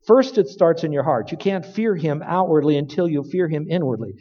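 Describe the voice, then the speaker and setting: A male preacher delivers a sermon in an emphatic, deliberate way, drawing out key words for weight. His voice sits a bit high with a mellow tone. The audio is dull and lo-fi, with a long hall reverb. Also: lively intonation. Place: room with stage lights and sound equipment.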